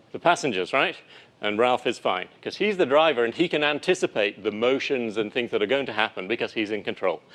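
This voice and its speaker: A man gives a talk to an audience, explaining a demo step by step. His delivery is playful and lively, with animated asides and mock voices for imagined objections. His pitch sits in a typical middle range for a man. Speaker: lecturer. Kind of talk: live technical talk with demo.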